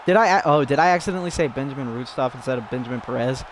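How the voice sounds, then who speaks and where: A man casually commentating a fighting game, excitable and giggly, rambling between calls. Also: medium pitch, very fast, slight background noise.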